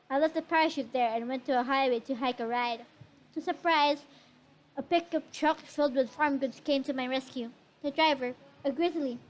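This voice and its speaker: A woman's voice: high voice, low-quality recording. A young woman reading fan fiction aloud to friends, dramatic, stopping to react. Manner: reads dramatically, breaks off to react.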